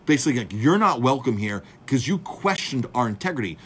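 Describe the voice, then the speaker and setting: A chef telling a story to his viewers in a casual, animated way, acting out the dialogue and calling his audience "folks". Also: medium pitch, fairly quick, slight background noise. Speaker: chef and speaker.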